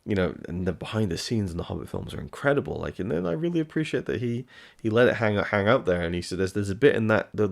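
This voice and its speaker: A man talks through his opinions on a film in a heated, rambling way, often tripping over his own sentences. His voice sits very low and has plenty of gravelly fry. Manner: passionate, rambling, with frequent restarts and swearing. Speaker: film reviewer. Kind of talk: casual opinion monologue.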